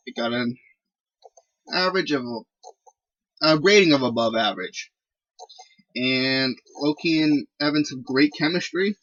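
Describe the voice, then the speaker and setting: A man's voice: mid-range voice, unhurried, pauses often, fairly bright tone, dry recording, muffled recording. A man giving casual, rambling commentary while playing a wrestling management game. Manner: chatty, rambling recaps. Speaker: video game let's player.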